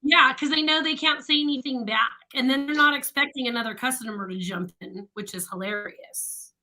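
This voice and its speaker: A woman co-hosting a radio show, chatting casually with quick reactions and frequent laughs. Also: high-pitched, bright, forceful tone. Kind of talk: casual on-air banter.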